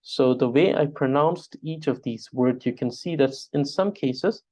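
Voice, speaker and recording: A man teaching a spelling lesson, drilling syllables aloud patiently with many pauses. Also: mid-range voice, warm tone. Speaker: Tibetan language teacher.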